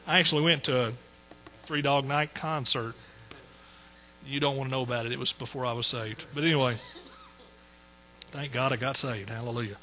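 A man's voice: medium pitch, steady tone, normal speed, long pauses, sharp tone, a little hiss or hum, rough recording. A man preaching a sermon in a folksy, joking way. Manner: folksy, joking asides to the congregation. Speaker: pastor.

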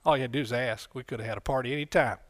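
A man preaching a folksy sermon in church, breaking into loud excited bursts. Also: medium pitch, very fast, dry recording. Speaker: pastor.

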